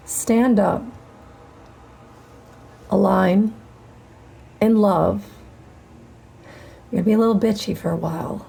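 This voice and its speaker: Slow, gravelly woman preaching defiance. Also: mid-range voice, dark tone. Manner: defiant, profane, drawn-out emphatic phrasing. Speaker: spiritual channel host. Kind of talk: spiritual monologue to camera.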